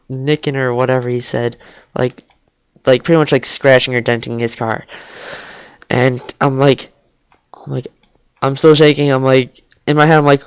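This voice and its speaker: A teenage boy tells a story in a rambling, halting way, leaning on "like" and false starts. His voice is smooth and clear at a middle pitch. The sound is dry and close, recorded in his bedroom. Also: fairly even intonation, no room sound. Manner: rambling, full of "like" and restarts. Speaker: vlogger. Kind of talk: casual storytelling. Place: cold bedroom.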